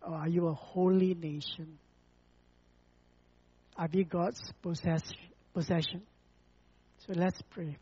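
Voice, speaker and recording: A preacher delivering a sermon and closing prayer in an earnest, deliberate way, repeating phrases for emphasis, on a dull lo-fi recording. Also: medium pitch, flat delivery, dark tone, husky.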